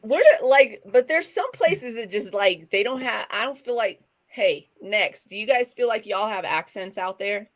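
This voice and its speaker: A woman's voice: mid-range voice, lively intonation, normal speed, few pauses. A middle-aged woman co-hosting a casual chat, rambling and correcting herself as she talks. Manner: chatty, rambling, self-correcting. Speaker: co-host.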